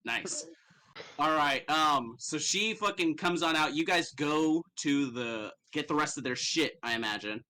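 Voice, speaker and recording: Bright-voiced male game master. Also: fairly high pitch, measured pace, slight background noise, low-quality recording. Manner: casual, profane, laughs often. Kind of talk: narrating a tabletop game.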